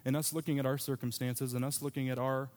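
A man's voice: medium pitch, flat delivery, quick pace, darkish tone. A pastor preaching a sermon to his congregation, telling a personal story in a conversational way with asides.

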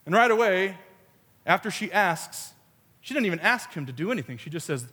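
A man's voice: high-pitched, sing-song, brisk, pushed and bright, slightly rough, long reverb tail. A man preaching a sermon, telling a family story with playful quoted voices. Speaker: pastor.

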